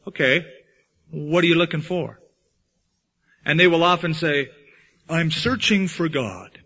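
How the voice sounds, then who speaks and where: A man preaching a sermon as pastor, swinging from loud emphatic lines to hushed ones. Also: fairly high pitch. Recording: dull lo-fi sound.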